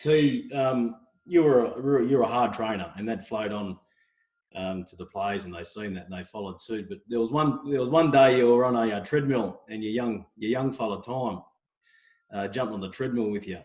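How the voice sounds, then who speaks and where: A man's voice: lowish voice, moderate pace, a little mellow. A middle-aged man hosting an interview, asking friendly questions with restarts. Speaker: host. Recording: roomy echo.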